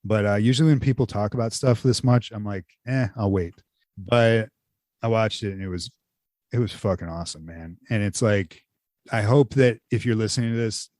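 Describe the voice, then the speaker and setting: Low-voiced rambling male podcast host. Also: a little mellow, no room sound, studio quality. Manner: rambling, loose, heavy on "like" fillers. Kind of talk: casual chat.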